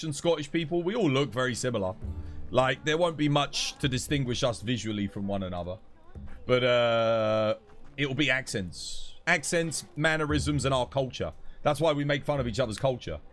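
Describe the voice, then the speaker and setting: A man with a London accent chatting casually while streaming a game, rambling with frequent restarts. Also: a little high. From England. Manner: rambling, relaxed, lots of "like" and restarts. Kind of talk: casual chat while gaming.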